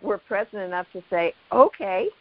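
A woman's voice: fairly low pitch, lively intonation, a little slow. A woman talking in a reflective, musing way on a call-in radio show, laughing often. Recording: dull lo-fi radio sound.

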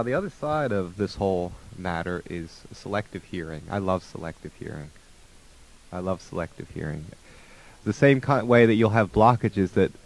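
A man's voice: deep voice, a little mellow, a little hiss or hum. A man giving a conversational spiritual talk about relationships, slipping into the voices of the people in his stories. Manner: conversational, acts out quoted voices.

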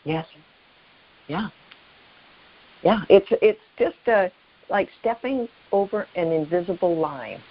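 A woman's voice: slow pace, pauses often. Musing woman on call-in radio. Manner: musing, laughs often, lively pitch. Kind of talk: reflective call-in radio talk. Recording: dull lo-fi radio sound.

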